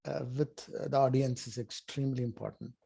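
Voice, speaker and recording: A man adding comments in a group training session, speaking haltingly with frequent pauses. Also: mid-range voice, steady tone, vocal fry, mellow. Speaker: meeting participant.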